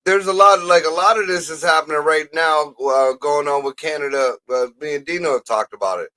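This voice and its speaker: Bright-voiced rambling man. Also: fairly high pitch, a little fast. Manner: rambling, hesitant, profane. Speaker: podcast co-host. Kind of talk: casual podcast discussion.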